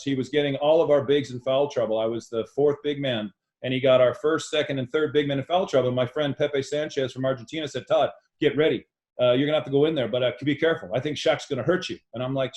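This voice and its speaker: A middle-aged man, a podcast guest, telling animated stories and acting out quoted dialogue. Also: on the high side. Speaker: guest, former basketball player. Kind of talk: storytelling in a podcast interview.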